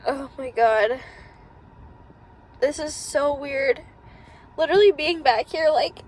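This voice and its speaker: A woman's voice: sits high, slow pace, pauses often, rough recording. A young woman vlogging from a parked car, crying and laughing through her tears as she talks. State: tearful, crying. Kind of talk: emotional personal vlog.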